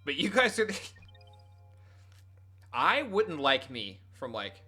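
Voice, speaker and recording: Bright-voiced man streamer telling a rambling story. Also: a little high, wildly swooping pitch, very slow, breathy edge, faint music behind. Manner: rambling, profane, self-mocking. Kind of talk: casual storytelling to chat.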